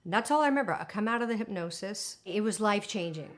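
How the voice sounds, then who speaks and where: Woman, interview, emotional storytelling, mid pitch, hesitant. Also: animated, fast, faint music behind. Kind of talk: documentary interview recounting an experience.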